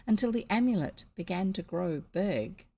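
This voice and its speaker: A woman's voice: fairly low pitch, lively intonation, moderate pace, gravelly, mellow, husky. A woman reading a children's novel aloud, chatting in easygoing asides between passages.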